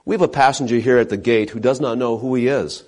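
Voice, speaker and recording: A man voicing a calm, witty female airline gate agent in a sermon anecdote, speaking courteously. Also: medium pitch, fast, lightly acted. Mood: announcing.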